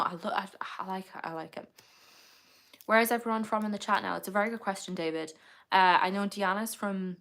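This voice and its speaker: A woman's voice: mid-range voice, a bit bright. A young woman hosting a casual livestream, chatting loosely and laughing often as she reads viewer comments aloud. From United Kingdom. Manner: chatty and rambling, quick to laugh. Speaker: livestream host.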